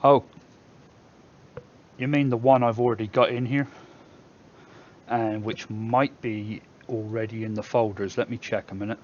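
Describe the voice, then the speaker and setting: A man's voice: lowish voice, fairly even intonation, unhurried, long pauses, a little mellow, dull audio, slight background noise. A man with a Somerset English accent, hosting a casual live stream where he reads viewer comments aloud and jokes back at them. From England.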